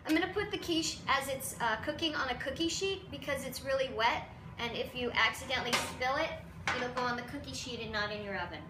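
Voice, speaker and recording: A woman's voice: high voice, brisk. A woman hosting a casual home cooking demo, chatty, playful and self-deprecating. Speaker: cooking show host. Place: home kitchen. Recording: roomy, distant, noisy kitchen recording.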